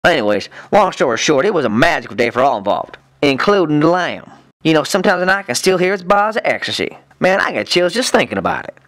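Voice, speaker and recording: A man's voice: a little high, big pitch swings, fast, a bit bright. A man voicing a crude, lecherous male cartoon villain, telling folksy stories with gusto. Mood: leering reminiscence. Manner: folksy, crude, exuberant storyteller. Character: lecherous rowdy male villain, Southern drawl. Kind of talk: cartoon comedy voice acting.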